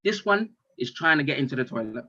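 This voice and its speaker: A man with speech, doing a stand-up comedy monologue in an animated way, with loud outbursts and swearing. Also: mid-range voice, fast talker. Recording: dull lo-fi stream audio.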